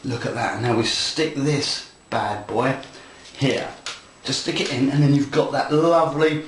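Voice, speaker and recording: A man's voice: medium pitch, steady tone, a little slow. A man giving a casual hands-on model railroad tutorial, chatty, playful and enthusiastic as he talks viewers through his work. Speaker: model railroad hobby instructor. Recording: echoey room with faint noise.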